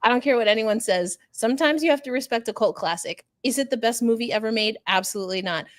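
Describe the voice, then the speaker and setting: A fairly high-voiced woman from New York City co-hosts a live sports podcast over a remote streaming setup. She talks in a chatty, animated way, drifting into nerdy asides and correcting herself quickly as she goes. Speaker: podcast co-host.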